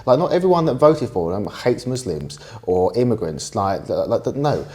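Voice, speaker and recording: A man's voice: lowish voice, sing-song, normal speed, a little mellow. Rambling, swearing man. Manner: rambling, swears a lot, many restarts. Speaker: podcast co-host. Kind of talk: casual banter.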